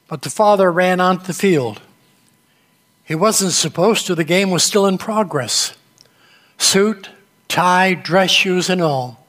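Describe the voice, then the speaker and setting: Man, pastor type, preaching in a measured, unhurried storytelling manner, high-pitched, echoing sanctuary. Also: fairly bright tone. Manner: slow, storytelling delivery with dramatic pauses. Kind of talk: sermon. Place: church sanctuary. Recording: long reverb of a large sanctuary.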